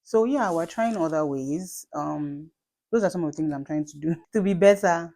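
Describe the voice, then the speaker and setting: Nigerian woman, late 30s, low mellow voice, chatty emphatic vlogger. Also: normal speed. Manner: chatty and emphatic, with repeats and asides. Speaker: vlogger and mother. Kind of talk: casual talk to camera.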